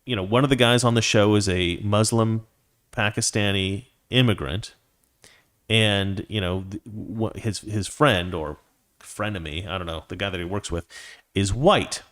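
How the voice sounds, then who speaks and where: A man's voice: on the low side, unhurried, fairly bright tone. A man hosting his own commentary show, ranting in a heated, indignant way. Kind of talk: political commentary monologue.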